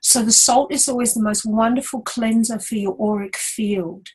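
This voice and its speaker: A woman, co-hosting a casual spiritual chat and telling stories in an animated way, laughing often. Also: a little high, normal speed, a little hiss or hum, low-quality recording. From Australia. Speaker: co-host.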